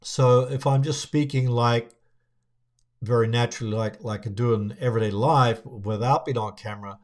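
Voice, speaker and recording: A young man coaching viewers on speaking to camera, talking in a relaxed, conversational way with frequent fillers and restarts. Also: medium pitch, normal speed. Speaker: video coach. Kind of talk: casual on-camera tutorial.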